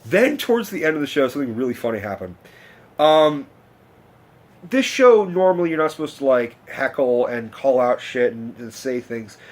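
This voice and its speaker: A man's voice: medium pitch, big pitch swings, moderate pace. A young man, telling a story in a casual, rambling, profane rant to camera. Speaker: vlogger.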